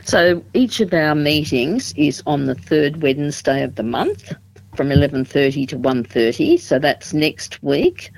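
Woman, community group rep, steady and explanatory, thinks aloud with ums. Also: low voice, gravelly, low-quality recording. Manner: measured, explanatory, with frequent ums and restarts. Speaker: support group representative. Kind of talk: radio interview.

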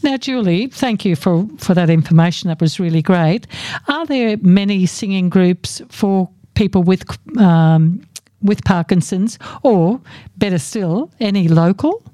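Woman radio host, mellow, dry close mic, short guiding questions. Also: mid-range voice, animated, a little slow, no room sound. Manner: brief encouraging prompts, steering questions. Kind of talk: radio interview.

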